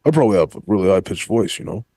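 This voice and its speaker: A man doing an impression of a rambling, boastful older male pro-wrestling star on a podcast, in a gravelly drawl. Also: sits low, lively intonation, racing, warm tone, no room sound. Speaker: podcast co-host.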